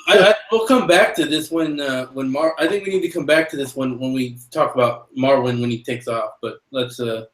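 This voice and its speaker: A man's voice: mid-range voice, brisk, hardly any pauses. A man co-hosting a casual book discussion podcast, joking and moving the talk along. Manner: joking, steers the talk onward. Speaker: podcast co-host. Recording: roomy echo.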